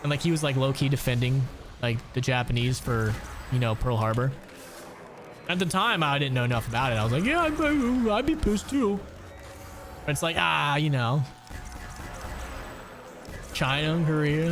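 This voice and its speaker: A man's voice: fairly high pitch, background noise. Profane rambling young gamer man. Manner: rambling, profane, laughs often. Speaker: gaming streamer. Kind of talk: casual gameplay chat. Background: background music.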